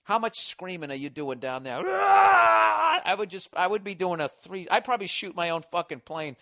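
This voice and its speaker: A man's voice: a little high, a little fast, a bit bright. A man in his forties hosting a show, riffing through a profane comedic rant. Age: 40s.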